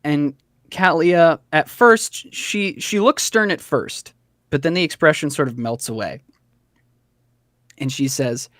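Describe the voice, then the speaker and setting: A man's voice: fairly high pitch, takes it slowly, a bit bright, dry recording, clean studio sound. A man narrating a tabletop game as game master, loose and chatty, with many fillers.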